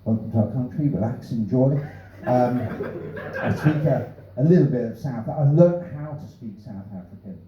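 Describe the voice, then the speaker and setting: Dry stand-up comic in an echoey club. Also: male voice, medium pitch, animated, normal speed, over music. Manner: dry punning one-liners with offhand asides. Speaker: stand-up comedian. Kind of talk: stand-up set testing new jokes. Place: small comedy club stage. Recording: echoey room, distant, slightly dull.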